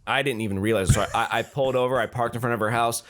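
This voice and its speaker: A podcast host tells a rambling story in casual chat, starting sentences over and over. His voice sits at an ordinary middle pitch for a man, and he slips into quick acted-out lines for the other people in the story. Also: steady tone, a bit bright. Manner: rambling, with many restarts.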